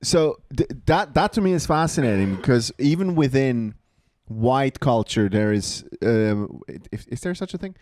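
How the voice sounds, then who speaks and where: A man's voice: medium pitch, animated, normal speed, few pauses, darkish tone, dry recording, clean studio sound. A man from Switzerland co-hosting a comedy podcast, chatty and playful in casual banter. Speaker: podcast co-host.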